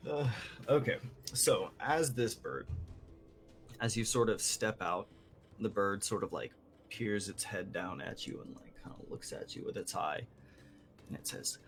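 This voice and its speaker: A man narrating as game master of a tabletop game, slow and rambling with many fillers. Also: on the low side, a bit bright, a little hiss or hum.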